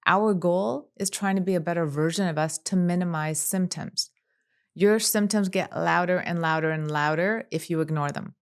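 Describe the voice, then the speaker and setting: A woman psychologist talks as a podcast guest in a calm, measured way, walking through long lists of examples. Her voice sits a little low and sounds smooth and clear. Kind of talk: podcast interview.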